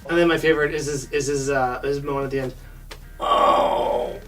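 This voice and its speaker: A man's voice: mid-range voice, steady tone, racing, slight background noise. A man co-hosting a casual review show, joking his way through a recap of the episode and slipping into goofy quoted voices. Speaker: podcast co-host. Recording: distant mic with faint music.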